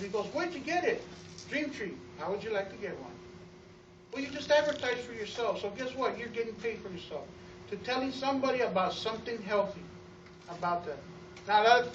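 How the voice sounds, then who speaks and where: Man, high voice, testimonial speech, energetic, acts out quotes, repeats words, distant, roomy, dull recording. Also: slight background noise. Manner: energetic, storytelling with acted-out quotes. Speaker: water store owner giving a testimonial.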